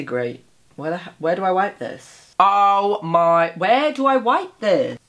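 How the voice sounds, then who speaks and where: A man's voice: on the high side, sharp tone. A young man in his bedroom, chatting casually and sarcastically while doing his makeup on camera, with a lot of self-mocking humour. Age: young adult. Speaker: beauty YouTuber. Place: home bedroom.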